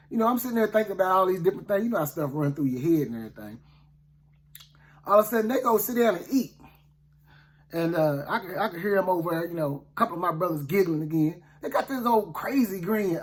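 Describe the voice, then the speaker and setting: A man, a preacher telling a Bible story casually in the first person, in a folksy, conversational way with many asides to the listener. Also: high voice. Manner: folksy, conversational, often asks "you know what I'm saying".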